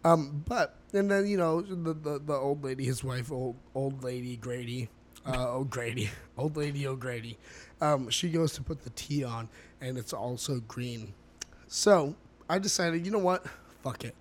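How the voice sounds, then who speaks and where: A man's voice: mid-range voice, normal speed, a little hiss or hum. A man co-hosting a casual film podcast, rambling with many fillers and laughing often. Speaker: podcast co-host. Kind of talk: casual movie review chat.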